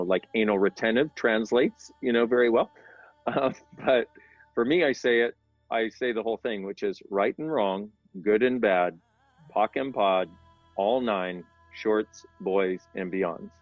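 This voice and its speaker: A man's voice: lowish voice, no echo. Middle-aged guy rambling earnestly as an interview guest, dull dry sound, faint music behind. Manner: earnest, rambling, self-deprecating. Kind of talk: casual explanatory talk.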